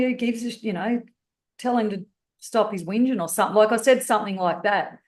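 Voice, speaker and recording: A woman's voice: medium pitch, a little fast, a little mellow, echoey room. A woman with an Australian accent telling her life story candidly as a podcast guest, blunt and swearing freely. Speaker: guest speaker and author.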